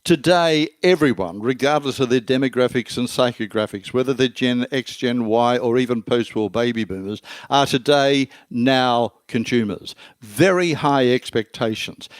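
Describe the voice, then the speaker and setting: A man's voice: medium pitch, moderate pace, few pauses, no room sound. An older man, a marketing expert answering interview questions in an emphatic way that builds long lists of terms.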